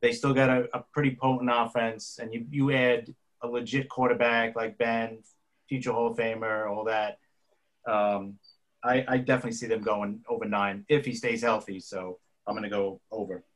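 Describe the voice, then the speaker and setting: A man's voice: mid-range voice, flat delivery, moderate pace, rough recording. A man casually weighs his football predictions. He hesitates often and repeats his words as he thinks. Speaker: podcast co-host. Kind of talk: casual sports talk.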